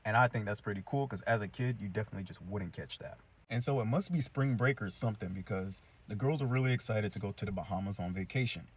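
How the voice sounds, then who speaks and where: A young man casually recapping a cartoon episode in a chatty, slangy, animated way. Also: lowish voice, quick pace, breathy edge. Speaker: cartoon reviewer.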